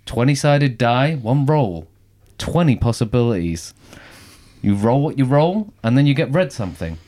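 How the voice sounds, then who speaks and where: A man's voice: mid-range voice, lively intonation, moderate pace, mellow. A man hosting a podcast game, explaining the rules in short, clipped phrases. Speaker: podcast host running a game. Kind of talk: casual chat.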